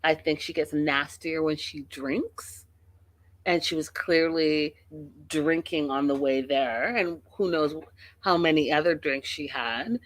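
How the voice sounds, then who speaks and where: A woman's voice: low-pitched, slow pace, no room sound. A woman hosting a casual reality TV recap, talking bluntly and emphatically with plenty of profanity. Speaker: show host.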